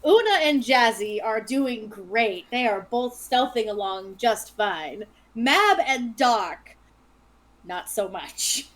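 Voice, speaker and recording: A woman narrating as dungeon master in an online tabletop game, chatty and quick to laugh. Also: fairly high pitch, lively intonation, fairly bright tone, poor audio. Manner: chatty, laughs often, restarts phrases.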